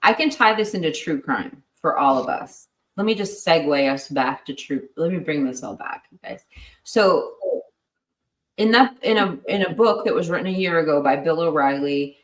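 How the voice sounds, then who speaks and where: A woman hosting a casual livestream chat, chatty and quick with asides. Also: sits low. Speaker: host. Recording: echoey room, mic at a distance.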